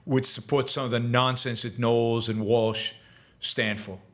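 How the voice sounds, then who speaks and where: Hosting a live show, a man answers viewer questions with opinionated commentary in a medium-pitched, fairly bright voice that's flat and a little slow. He turns emphatic and rants heatedly, yet hesitates with fillers and repeated words when reflecting.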